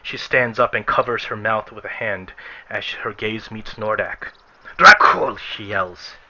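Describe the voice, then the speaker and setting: A man as game master, narrating a tabletop game in a descriptive way with frequent pauses. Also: fairly low pitch, flat delivery, bright, forceful tone. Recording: lo-fi recording with faint music.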